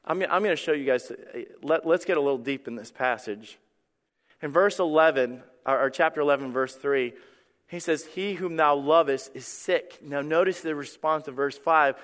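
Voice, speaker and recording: A man's voice: on the high side, moderate pace, a bit bright. A man preaching a sermon as pastor, impassioned and building to emphatic peaks with repeated phrases. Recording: church hall with long reverb.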